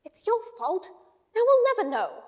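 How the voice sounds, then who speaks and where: A woman's voice: very high voice, huge pitch swings, normal speed, voice pushed up, heavily acted. A woman voicing an earnest young girl who coaxes and scolds. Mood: reproachful. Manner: coaxing and reproachful. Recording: long hall reverb.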